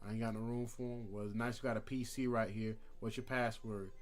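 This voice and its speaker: A man's voice: lowish voice, flat delivery, a little fast, soft background music. A young man streaming a game, chatting casually with slang and jokes. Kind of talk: casual gameplay commentary.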